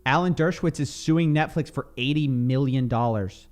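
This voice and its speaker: A man's voice: mid-range voice, moderate pace, a little mellow. A man hosting a podcast in casual, earnest chat, often saying "dude". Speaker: podcast host.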